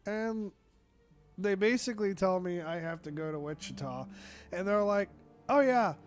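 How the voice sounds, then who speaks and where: A man's voice: high-pitched, normal speed, smooth, soft background music. A man with a cough, hosting a casual online chat and ranting with lots of swearing and exasperation. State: sick with a cough.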